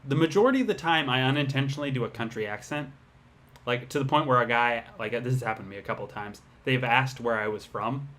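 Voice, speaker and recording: Bright-voiced easygoing man. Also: mid-range voice, fast talker. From Oregon. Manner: bright, easygoing storyteller, laughs. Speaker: podcast co-host. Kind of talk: casual chat.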